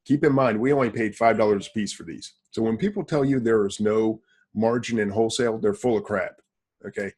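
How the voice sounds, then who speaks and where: A man's voice: on the low side, a little fast, a little mellow, slightly rough. A man hosting a casual business podcast, talking bluntly and boastfully and answering his own rhetorical questions. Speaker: podcast host.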